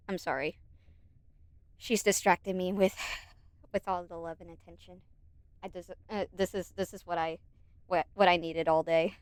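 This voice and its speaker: A woman's voice: lowish voice, fairly even intonation, normal speed, long pauses, darkish tone, clear, resonant tone, no echo. A woman doing casual reaction commentary at home into a desk mic, chatty and sarcastic, stopping now and then to talk to her cat. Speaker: commentary YouTuber. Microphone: desk microphone.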